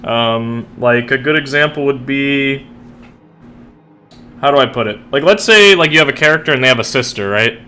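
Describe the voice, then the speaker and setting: Young male streamer, crisp tense tone, loose rambling chat, heavy fillers. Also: medium pitch, moderate pace, sharp tone, slight background noise. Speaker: streamer and writer. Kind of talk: casual chat while gaming.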